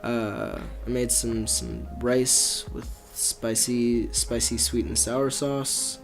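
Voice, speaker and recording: A man's voice: mid-range voice, level tone, slow pace, gravelly, over music. Rambling young man hosting a podcast. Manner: rambling, full of fillers and restarts, laughs often. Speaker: podcast host. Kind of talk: casual rambling storytelling.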